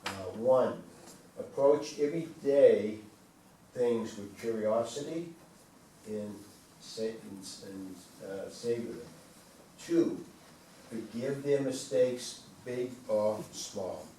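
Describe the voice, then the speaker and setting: A man's warm, fairly low voice moves slowly with lively intonation as he presents a wellness talk to a small group. He talks casually, asks the audience questions, and restates his points. Captured from a distance in a roomy space, there's faint room noise in the background.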